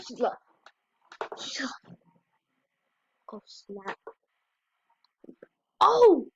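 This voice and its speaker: A woman's voice: mid-range voice, animated, slow pace, long pauses, noisy background. Exclaiming woman reacting to fail clips. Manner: exclaims short reactions, lots of "oh" and "yo". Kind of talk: casual reaction commentary. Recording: dry, dull lo-fi recording.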